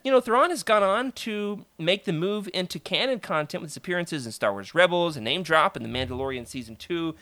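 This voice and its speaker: A man from the American South hosting a casual book-discussion podcast, animated and jokey, laughing often. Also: on the high side, no echo. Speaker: podcast host.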